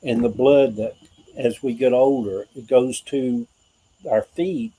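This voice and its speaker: In a low-quality recording, a middle-aged man with a Southern US accent speaks slowly in a mid-range, fairly even, dark voice with a breathy edge. On an informal spiritual livestream, he earnestly reflects on hope and faith, wandering like a preacher and turning aside to speak to viewers.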